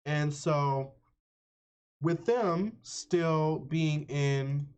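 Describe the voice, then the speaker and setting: A man streaming live, casually recapping a movie's plot in slangy, profane, animated storytelling. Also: a little high, drawn-out words, clean tone. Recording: slightly muffled lo-fi audio.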